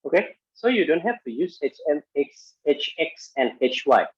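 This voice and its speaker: Husky-voiced man teaching with lively pitch. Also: no echo. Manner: halting, many fillers and restarts. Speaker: lecturer. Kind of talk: online engineering lecture. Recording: muffled lo-fi audio.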